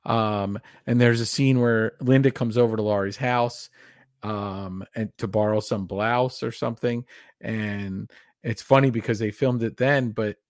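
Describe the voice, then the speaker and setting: A man's voice: on the low side, fairly even intonation, a little slow, dry recording, studio quality. A man co-hosting a casual horror film podcast, talking with enthusiasm and rambling through trivia. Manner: enthusiastic, rambling, reads passages aloud. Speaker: podcast co-host.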